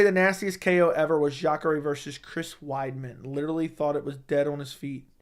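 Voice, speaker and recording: A young man hosting a casual livestream, reading viewer comments in a laid-back, low-key way and swearing casually. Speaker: livestream host reading chat.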